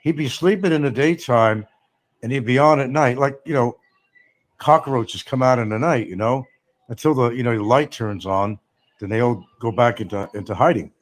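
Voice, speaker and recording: A man's voice: mid-range voice, moderate pace. A man hosting a casual livestream, rambling sarcastically and reading chat comments aloud. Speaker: livestream host.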